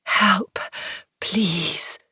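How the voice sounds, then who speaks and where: A woman voicing a frightened young noblewoman who speaks in a hushed, pleading way. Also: medium pitch, drawn-out words, husky, no room sound, clean studio sound, exaggerated voice.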